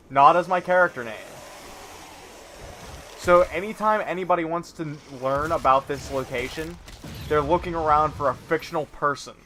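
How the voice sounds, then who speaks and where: A man's voice: a little high, pushed and bright, slight background noise. A man co-hosting a gaming show, casually telling a long story and often laughing mid-sentence. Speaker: co-host playing a video game.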